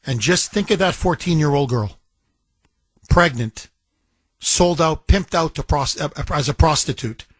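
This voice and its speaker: A man's voice: fairly high pitch, fairly bright tone, husky, dry recording. A man hosting a talk radio show, speaking with impassioned, indignant emphasis and taking calls. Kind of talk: talk radio monologue and call-in.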